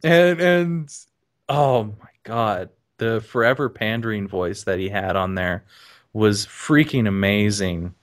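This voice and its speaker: A man on a casual podcast, telling stories animatedly with lots of ums and sudden high-pitched laughter. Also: measured pace. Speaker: podcast guest.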